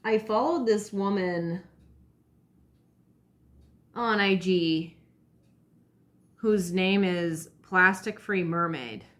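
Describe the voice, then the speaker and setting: A woman's voice: medium pitch, extremely slow, pauses often, a bit bright. A woman ranting bluntly in a vlog monologue, heated and full of profanity. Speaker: vlogger.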